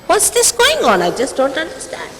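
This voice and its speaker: A woman in her sixties delivers a stern, reproachful address, her pitch leaping up and down with lively emphasis. Her voice rings through a large hall with a long, echoing reverb. A faint hum of ambience sits under this old archive tape. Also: normal speed. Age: 60s. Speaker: spiritual teacher. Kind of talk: scolding address to followers.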